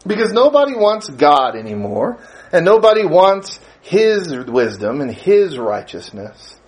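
A man's voice: on the high side, a little slow. A male pastor preaching a sermon, asking his listeners question after question and laughing as he tells stories. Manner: animated, rhetorical questions, laughs while telling stories.

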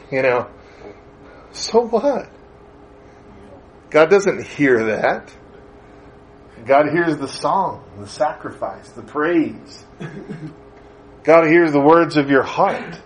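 A middle-aged man delivers a sermon in a lively, conversational style, acting out the voices of those he quotes. His voice is high-pitched.

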